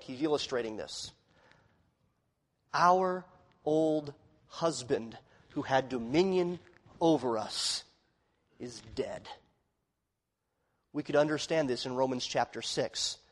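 Dramatic high-voiced preacher in a reverberant hall. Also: male voice. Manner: dramatic, swings from quiet to shouting. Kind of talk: sermon.

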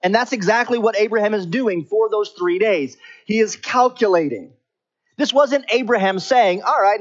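A man preaching a sermon with slow, stressed phrases. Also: sits high. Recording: slightly dull lo-fi recording.

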